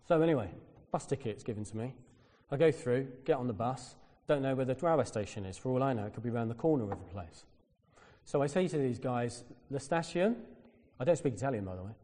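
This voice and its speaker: A man's voice: medium pitch, quick pace, big-room sound. A man preaching a sermon, telling a personal story and acting out the people in it. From Britain. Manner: storytelling, animated when quoting others.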